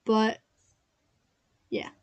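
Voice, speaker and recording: A woman's voice: very slow, darkish tone. A young woman co-hosting a casual podcast, rambling with lots of fillers and giggles. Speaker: podcast co-host. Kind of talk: casual chat.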